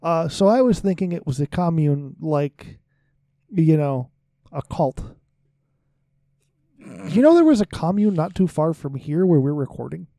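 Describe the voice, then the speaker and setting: Male podcast co-host, mellow higher voice, dry close sound, teasing banter. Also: expressive, a little slow, long pauses, no room sound. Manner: jokey, teasing, swears freely.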